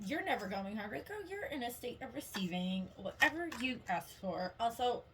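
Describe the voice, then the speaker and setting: A woman's voice: a little high, big pitch swings, moderate pace, fairly bright tone, a little hiss or hum. Chatty woman giving a tarot reading. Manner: chatty and rambling, heavy use of "like"; giggly, upbeat and encouraging. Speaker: tarot reader. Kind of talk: casual tarot reading to viewers.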